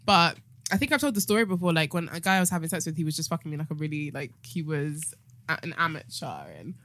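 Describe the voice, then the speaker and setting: A woman hosting a podcast, chatty and laughing, with quick asides. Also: low-pitched, a bit bright. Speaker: podcast host. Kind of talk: casual podcast chat.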